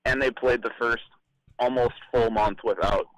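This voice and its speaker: A man's voice: mid-range voice, fairly even intonation, moderate pace, a bit bright, no echo, low-quality recording. A man calling into a sports radio show, easygoing and rambling. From Milwaukee area. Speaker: caller. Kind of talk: call-in chat.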